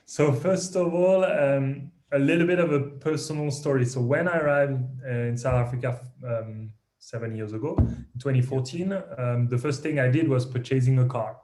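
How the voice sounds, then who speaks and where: A man from France with a French accent, talking as a company founder in a podcast interview, lively and self-deprecating with frequent restarts. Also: medium pitch, normal speed, echoey room.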